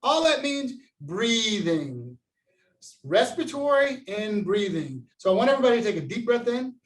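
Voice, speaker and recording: Male science educator, high and animated, call-and-response delivery; heard from a distance in a reverberant room. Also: normal speed. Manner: gestures while talking, stands and demonstrates. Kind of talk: interactive kids' science lesson.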